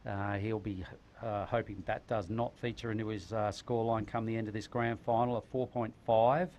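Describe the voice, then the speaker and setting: A man's voice: fairly low pitch, flat delivery, moderate pace, darkish tone, highs cut off, a little hiss or hum. A man commentating live surfing with laid-back banter and local slang. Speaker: surf commentator.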